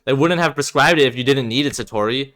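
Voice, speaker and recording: A man's voice: medium pitch, quick pace, fairly bright tone, soft background music, pitched above the performer's own voice, close to an everyday voice. A man reading aloud as an emotional young woman who is a devoted best friend, pleading with a voice that rises when she is upset. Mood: anxious.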